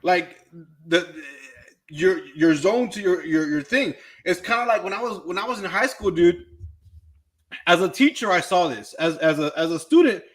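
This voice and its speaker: Man, teacher, podcast guest, a bit high-pitched, earnest, repeats himself. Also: expressive, normal speed. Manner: earnest, repeats words, says "dude". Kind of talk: casual chat.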